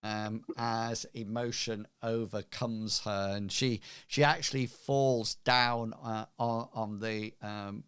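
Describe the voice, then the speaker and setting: A man narrating as game master of a tabletop game, halting with many ums. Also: on the low side, fairly even intonation, a bit bright, clear, resonant tone, no room sound, clean studio sound.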